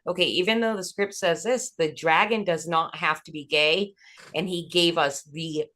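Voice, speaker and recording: Brief: hesitant rambler, mid pitch, loose podcast talk. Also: moderate pace, sharp tone. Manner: rambling, hesitant, many fillers. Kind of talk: casual podcast chat.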